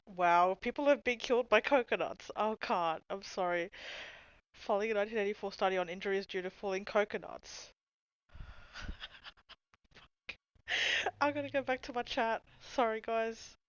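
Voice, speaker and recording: A woman's voice: medium pitch, unhurried, long pauses, clean tone, no room sound. A woman livestreaming, thinking aloud while searching, laughing a lot and swearing freely. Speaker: livestreamer reading chat. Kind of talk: casual livestream chat.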